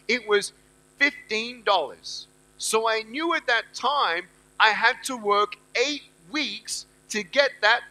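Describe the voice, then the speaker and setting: A man in his thirties delivers an inspirational speech, his voice very high for a man and sharply bright. He repeats key lines and urges the audience on. He moves between loud, punchy bursts and quiet storytelling. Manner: emphatic, repeats lines and rallies the crowd. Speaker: motivational speaker.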